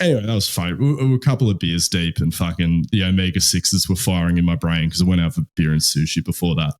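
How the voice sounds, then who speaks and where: A man's voice: sits low, expressive, fast, hardly any pauses. A young man with an Australian accent hosting a podcast, telling rambling stories in casual chat and swearing constantly. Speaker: podcast host.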